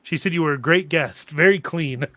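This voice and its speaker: A man's voice: fairly high pitch, moderate pace, sharp tone, no echo. A man in casual podcast chat, teasing his friends. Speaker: podcast co-host.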